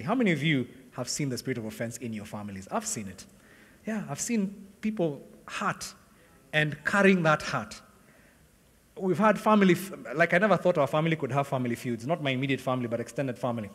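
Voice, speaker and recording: A middle-aged man, a pastor, preaching a sermon and telling a story from his own life, acting out the dialogue and laughing often. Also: fairly high pitch. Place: large hall with long reverb. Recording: long hall reverb from a church sanctuary.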